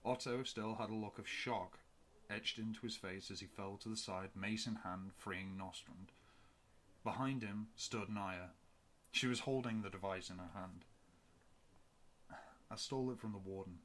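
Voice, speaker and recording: Guy with a lowish voice reading an audiobook, steady and measured. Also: a little hiss or hum. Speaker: audiobook narrator. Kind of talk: amateur audiobook narration.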